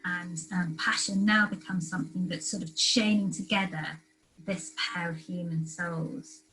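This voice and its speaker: A woman's voice: on the low side, steady tone, measured pace, fairly bright tone, poor audio. A woman giving an academic lecture, hesitant and full of ums and uhs. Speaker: guest lecturer.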